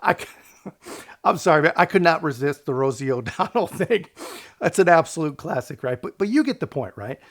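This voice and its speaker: A man's voice: fairly high pitch, lively intonation, moderate pace. A male host giving casual, sarcastic political commentary, laughing often and tagging lines with "man" and "right".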